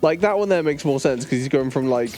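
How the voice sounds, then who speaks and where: A man's voice: fairly high pitch, animated, fast talker, darkish tone. Joking man chatting on the couch. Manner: easygoing, joking, filler-heavy. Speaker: co-commentator. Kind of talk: casual game commentary. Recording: faint game music behind. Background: faint game music.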